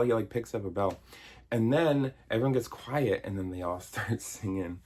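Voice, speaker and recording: A man's voice: on the low side, very animated, moderate pace, husky. A man in his thirties giving a sarcastic, exasperated comedic film review, swearing casually. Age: 30s. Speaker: video essayist reviewing a film. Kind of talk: comedic movie review rant.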